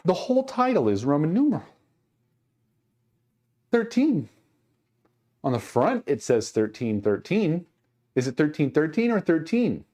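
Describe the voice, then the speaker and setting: A man's voice: on the high side, big pitch swings, measured pace, long pauses, warm tone. Exasperated ranting male streamer. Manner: exasperated, mock-ranting to chat. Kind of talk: casual livestream chat.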